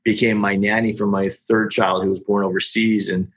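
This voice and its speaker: Low-voiced man, founder telling his story. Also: little pitch movement, normal speed, slightly rough. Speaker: startup founder. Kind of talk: casual podcast interview. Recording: dull lo-fi sound.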